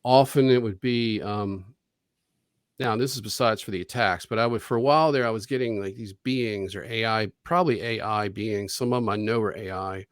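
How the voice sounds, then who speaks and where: A man's voice: lowish voice, moderate pace, dry recording, studio quality. A man on a video call, telling a long story in a rambling, casual way, with restarts, swearing and acted-out quotes. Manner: rambling, profane, with frequent restarts and quoted dialogue. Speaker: interview guest.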